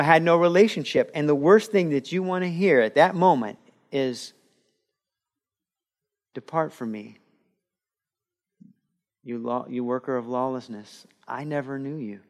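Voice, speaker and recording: A male pastor preaching a sermon in an earnest, conversational way, acting out quoted voices as he goes. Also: a little high.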